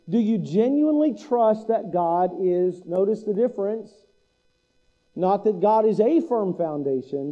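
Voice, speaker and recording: High-voiced preacher man, muffled sound. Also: warm tone. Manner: rhetorical questions, rising to urgent preaching. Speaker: pastor. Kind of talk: sermon.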